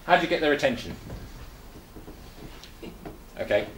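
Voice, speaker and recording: A man's voice: fairly high pitch, animated, normal speed, a bit bright, roomy sound, a little hiss or hum, low-quality recording. An older man from England giving a chatty talk to a small group, full of rhetorical questions and restarts. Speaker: presenter. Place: meeting room.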